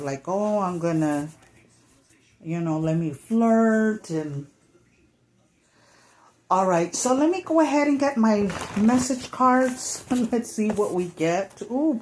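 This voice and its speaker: Woman doing a tarot reading, talks slow and easy, lots of "like" and "you know". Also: lowish voice, lively intonation, slight background noise. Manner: chatty, many fillers, acts out quoted thoughts. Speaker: tarot reader. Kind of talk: casual tarot reading to camera.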